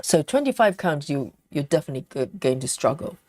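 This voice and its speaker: Woman host reading out viewer comments in an unhurried, um-filled chat; dry, close recording. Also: low-pitched, sing-song, a little mellow, dry recording. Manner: unhurried, thinking aloud with many ums. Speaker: cross-stitch livestream host.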